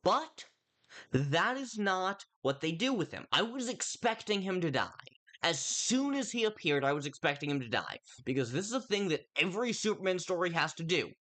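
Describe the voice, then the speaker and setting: A livestreamer chatting through a film review in a casual, meandering way, the pitch swinging up and down with plenty of life. Thoughts trail off and restart mid-sentence, and the talk turns often to the viewers in chat. It sounds unscripted and conversational throughout. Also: big pitch swings, moderate pace, fairly bright tone. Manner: rambling, with frequent self-interruptions and restarts; chats directly to viewers in chat. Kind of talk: casual stream commentary.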